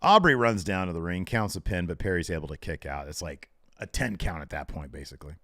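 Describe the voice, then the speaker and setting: A man's voice: deep voice, lively intonation, fast, fairly bright tone, no room sound, studio quality. A man co-hosting a podcast, chatting casually, laughing often and telling stories animatedly. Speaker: podcast co-host. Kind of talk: casual chat.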